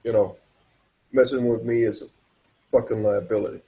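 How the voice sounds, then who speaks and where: A man's voice: on the low side, little pitch movement, normal speed, warm tone, lightly acted. Man playing a jittery chop-shop owner. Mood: panicked. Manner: stammering, swearing, defensive. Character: nervous blustering male chop-shop owner.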